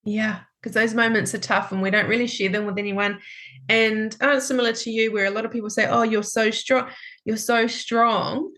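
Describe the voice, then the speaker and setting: A woman's voice: fairly high pitch, steady tone, normal speed, fairly bright tone. Reflective woman podcast host. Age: 40s. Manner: reflective, affirming, thinks aloud with restarts. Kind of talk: conversational interview.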